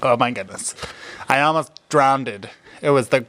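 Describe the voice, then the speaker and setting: A man playing a goofy, excitable comedy character who tells stories with shrieks and sighs. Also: mid-range voice, normal speed, natural voice. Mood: excited.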